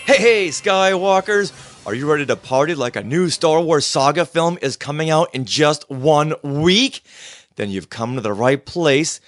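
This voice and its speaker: A man co-hosting a casual fan podcast, bantering in an excitable, playful way. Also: a little high, normal speed, no room sound. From United States. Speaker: podcast co-host.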